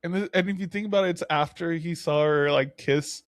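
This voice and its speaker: A young man co-hosting a podcast in casual chat, animated and laughing as he acts out his own reactions. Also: on the high side, a little fast. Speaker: podcast co-host.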